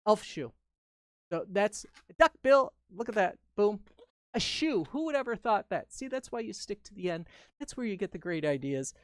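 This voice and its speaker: A woman's voice: mid-range voice, big pitch swings, moderate pace, no room sound. Woman instructor, casual live-stream teacher, upbeat running commentary, playful asides. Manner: chatty, upbeat, talks through each step while working; playful asides and jokes to viewers. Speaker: balloon artist and instructor. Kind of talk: live-stream craft tutorial.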